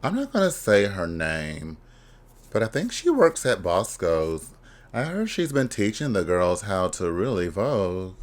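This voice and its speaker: A man with a lowish voice gives casual, blunt reaction commentary and laughs often. His pitch jumps around in a lively, animated way. He drops bawdy jokes as he goes. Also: a little slow. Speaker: drag reaction video host.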